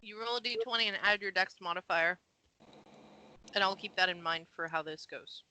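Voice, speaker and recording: A woman's voice: mid-range voice, moderate pace, bright, forceful tone, slight background noise, poor audio. A woman running a tabletop game as game master, narrating scenes and patiently explaining the rules.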